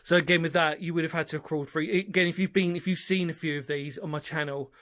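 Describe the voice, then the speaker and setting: Exploring an underground brick bunker in woodland on his own, a man chats with his viewers in an enthusiastic, wandering way for a casual vlog. His voice is a little high and a bit bright. His intonation stays fairly even while he talks quickly.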